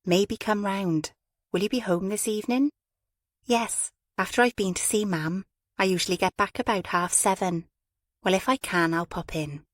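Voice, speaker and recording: A woman's voice: medium pitch, moderate pace, no room sound, lightly acted. A woman reader voicing a cool, haughty professional woman who stays stiffly polite.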